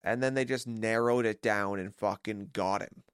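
A man's voice: fairly low pitch, fairly even intonation, moderate pace, clear, resonant tone, no echo, clean studio sound. A man co-hosting a podcast, telling a story in casual chat with jokey asides. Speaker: podcast co-host.

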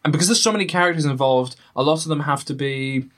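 A man hosting a casual film review, measured and thoughtful, steering the talk. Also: on the high side, fairly bright tone.

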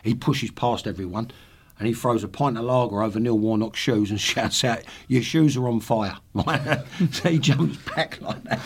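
Give me a raspy older man spinning football stories on a podcast. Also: fairly low pitch, normal speed. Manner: swearing, laughing anecdotes. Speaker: podcast guest, former football manager. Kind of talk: casual storytelling.

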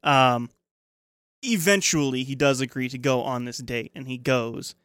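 A young man co-hosting a podcast, animated and laughing often as he recaps a TV show with plenty of swearing. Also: mid-range voice, unhurried, clean tone, no echo. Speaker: podcast co-host. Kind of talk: casual chat recapping a TV show.

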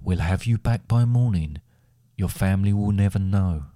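A slow, deep-voiced old wizard who answers in riddles and never hurries, put on by a man reading a storybook. He sounds wise and unhelpful, every word weighed, and the recording is close and dry with no room around it. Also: warm tone, no echo, lightly acted. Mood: solemn.

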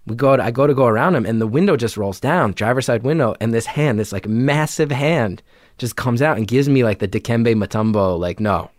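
A young adult man telling a story in casual chat, animated, jumping into loud high voices when he quotes people. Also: a little fast, dry recording, clean studio sound.

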